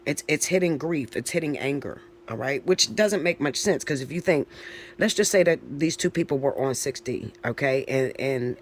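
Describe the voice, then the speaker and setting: Male tarot reader, mid-pitched, casual and chatty, keeps asking "all right?", faint hum behind. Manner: chatty, tags lines with "all right?" and "okay?"; loose and informal, with occasional swearing. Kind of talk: casual spoken tarot reading.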